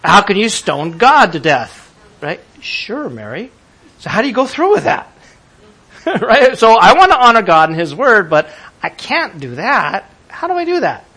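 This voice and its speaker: A man preaching a sermon to a congregation, lively and laughing as he acts out how people would react. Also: high voice, unhurried, slightly rough. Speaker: pastor.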